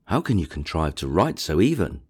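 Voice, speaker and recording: A fawning, flattering young society lady, read by a man in a storybook, her praise pouring out eagerly. The voice sits very deep and low in pitch. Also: brisk, husky, heavily acted. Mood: gushing. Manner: gushing, eager to please.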